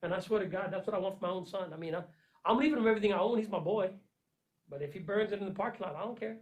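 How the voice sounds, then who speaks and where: A man delivering an emphatic, repetitive motivational monologue, swinging between loud urging and low, intense asides. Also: racing, poor audio. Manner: preachy, earnest pep talk with frequent "man" and "okay". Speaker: vlogger giving life advice.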